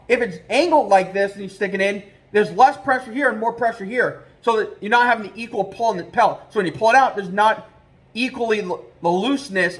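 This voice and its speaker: High-voiced, excitable man vlogging. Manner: rambling and excitable, with many fillers. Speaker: trapping vlogger. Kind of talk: casual vlog talk.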